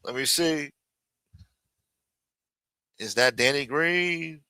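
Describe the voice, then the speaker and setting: A man's voice: fairly high pitch, very slow, pushed and bright, clear, resonant tone, no echo. A man hosting a live stream, giving profane, mocking, sarcastic reaction commentary from a home studio.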